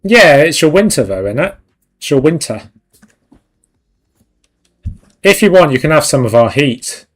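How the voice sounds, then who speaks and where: A man's voice: on the high side, sing-song, normal speed, soft background music. Rambling, laughing young man host. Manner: chatty and rambling, laughs often. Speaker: livestream host chatting with viewers. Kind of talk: casual chat.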